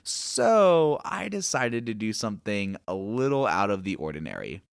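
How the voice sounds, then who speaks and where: A man hosting a podcast, sharing a personal faith story as a lively storyteller who acts out the dialogue. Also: on the low side, moderate pace, vocal fry, smooth, no echo, studio quality. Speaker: podcast host.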